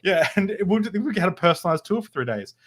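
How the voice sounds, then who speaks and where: A man's voice: high voice, big pitch swings, fast talker, fairly bright tone. A man hosting a podcast interview, chatting casually, laughing often and stopping on fillers. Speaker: podcast host.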